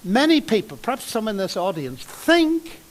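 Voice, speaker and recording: An older man giving a lively, conversational public lecture in a large university hall, telling stories and asking the audience rhetorical questions. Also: sits high, normal speed.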